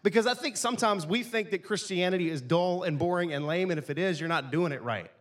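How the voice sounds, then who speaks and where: Joking preacher, fairly high voice. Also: male voice, fast talker. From East Texas, USA. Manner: casual, joking, conversational preaching. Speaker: pastor. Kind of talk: sermon.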